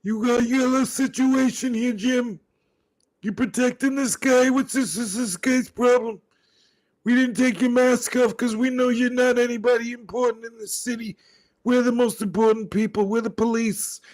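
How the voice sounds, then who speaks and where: A man's voice: very high-pitched, fairly even intonation, normal speed, darkish tone, pitched above the performer's own voice. A sneering, condescending cop, as a man puts him on for a film stream, his voice pushed far up into a thin, strained register. He taunts and needles, bullying with every line. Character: sneering male police officer, condescending.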